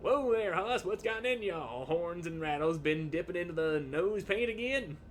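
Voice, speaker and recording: A man voicing an old-west cowpoke in a video game, drawling folksy slang in a raised pitch. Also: expressive, normal speed, a little hiss or hum.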